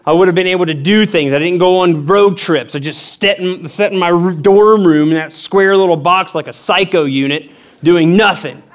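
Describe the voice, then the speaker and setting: A middle-aged man preaches as pastor, recounting a personal story at a moderate pace. He acts out the voices animatedly, his pitch jumping widely.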